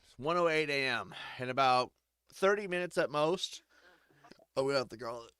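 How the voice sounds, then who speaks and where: A streamer riffs through casual gameplay commentary with crude humor and frequent laughter. The pitch swings widely from line to line. The sound is dry and close, with little room echo. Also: expressive, normal speed, a bit bright, clean tone, faint music behind.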